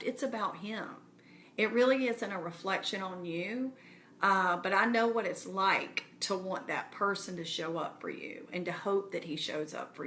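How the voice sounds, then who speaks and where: A woman's voice: medium pitch, fairly bright tone, slight background noise. A woman speaking casually and earnestly to her viewers, encouraging them directly. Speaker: speaker addressing her community. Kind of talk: casual live-stream address.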